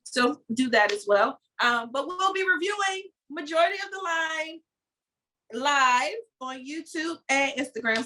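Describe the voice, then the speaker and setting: A woman's voice: high voice, expressive, a little slow, sharp tone, rough recording. A woman co-hosting a casual podcast chat, rambling with fillers and laughing often. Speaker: podcast co-host.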